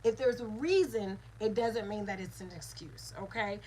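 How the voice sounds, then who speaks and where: A woman's voice: medium pitch, moderate pace, warm tone, slight background noise, low-quality recording. A woman, a mother and spiritual teacher, giving an earnest lesson with repeated phrases and call-and-response. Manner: earnest, repetitive teaching cadence.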